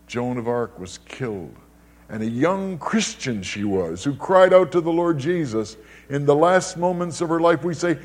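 An older man delivers an emphatic, expressive sermon at a moderate pace. His pitch and volume rise and fall sharply, and he repeats his words often.

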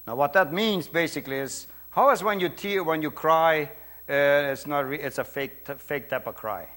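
High-pitched man preaching with a Brazilian accent. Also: normal speed. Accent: Brazilian Portuguese. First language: Portuguese. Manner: emphatic, swings between loud preaching and quiet asides. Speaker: pastor. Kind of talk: sermon.

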